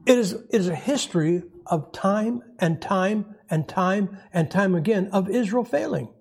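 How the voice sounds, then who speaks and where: A man's voice: lively intonation, unhurried, creaky, a little mellow, slightly rough. A man preaching a sermon in a folksy, conversational way, acting out quoted voices and asking the congregation questions. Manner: folksy, conversational, acts out quotes with rising pitch.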